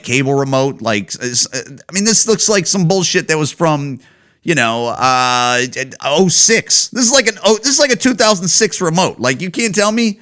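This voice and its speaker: A man from Chicago hosting a comedy podcast, ranting in a profane, animated storytelling manner. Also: on the high side. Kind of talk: casual comedic rant.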